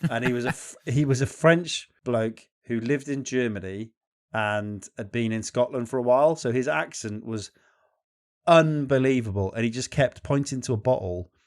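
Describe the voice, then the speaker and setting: A man's voice: mid-range voice, moderate pace. A man from England co-hosting a podcast, in casual, banter-filled chat with casual swearing. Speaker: podcast co-host.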